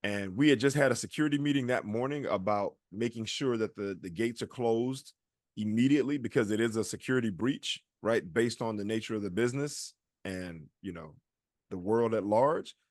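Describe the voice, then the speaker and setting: A man's voice: fairly low pitch, moderate pace, no room sound, clean studio sound. A man co-hosting a podcast, telling a long story in a casual chat and acting out the people he quotes. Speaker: podcast co-host.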